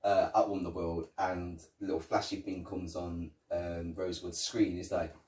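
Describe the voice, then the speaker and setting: A man's voice: low-pitched, little pitch movement, moderate pace, darkish tone. A man co-hosting a podcast, chiming in agreeably and quoting film lines. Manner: chimes in, quotes lines, agreeable. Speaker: podcast co-host. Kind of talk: casual film review chat. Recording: echoey room, distant mic.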